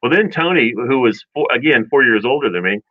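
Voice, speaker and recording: A man casually telling childhood stories in a rambling, animated way, with many restarts and chuckles. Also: medium pitch, fairly quick, dry recording. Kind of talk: casual storytelling chat. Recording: dull dry lo-fi sound.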